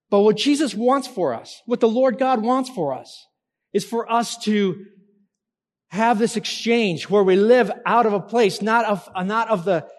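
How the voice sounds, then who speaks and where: A man preaching a sermon as pastor, asking the congregation to call out answers. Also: high voice. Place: church hall. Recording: long church hall reverb.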